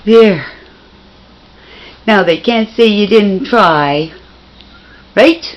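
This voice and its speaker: A woman's voice: mid-range voice, lively intonation, very slow, muffled recording. Woman cooing baby talk at her pet. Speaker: pet owner filming her bird. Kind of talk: home video chat with a pet. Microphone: handheld camcorder.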